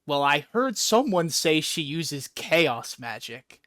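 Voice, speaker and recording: A man's voice: a little high, sing-song, takes it slowly, a bit bright, no room sound, studio quality, full character voice. A man voicing a smug, know-it-all male sorcerer, dismissive and matter-of-fact.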